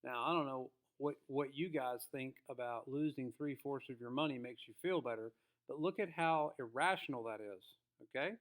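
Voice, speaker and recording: A man giving a casual trading lesson to his viewers. His voice sits a bit high. He talks in an emphatic, folksy way. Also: normal speed. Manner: emphatic, folksy, acts out quotes. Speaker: trading educator.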